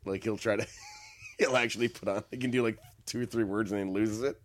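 A man's voice: lowish voice, steady tone, fairly quick. A man co-hosting a podcast, chatting casually in a crude, joking, swearing way. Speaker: podcast co-host. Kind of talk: casual chat.

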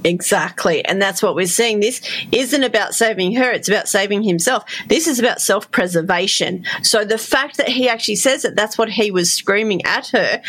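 A woman's voice: mid-range voice, normal speed, hardly any pauses, fairly bright tone, slightly rough, no room sound. A woman co-hosting a podcast, talking emphatically and acting out quotes as she analyzes. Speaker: podcast co-host. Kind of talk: casual analytical chat.

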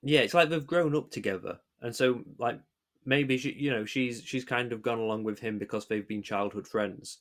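A man in casual podcast chat, his voice at an ordinary middle pitch. He talks in halting bursts, restarting sentences as he thinks aloud. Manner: hesitant, many restarts, rambling analysis. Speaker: podcast co-host.

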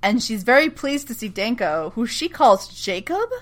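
A woman's voice: a little high, sing-song, normal speed. Chatty, laughing woman podcaster. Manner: chatty, laughs often, swears casually. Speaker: podcast co-host recapping a TV episode. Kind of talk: casual chat.

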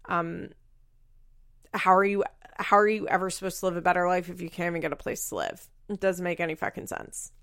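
A woman's voice: lowish voice, fairly even intonation, fairly quick, a bit bright, dry recording, clean studio sound. A woman recapping a reality show in casual chat, blunt and profane, often laughing.

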